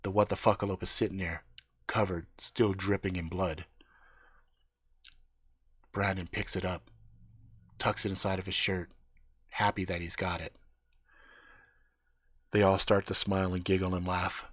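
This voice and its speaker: A man's voice: low-pitched, flat delivery, unhurried, pauses often, husky, dry recording, clean studio sound. A man improvising a profane story live on stream, dropping laughing asides. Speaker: livestream storyteller.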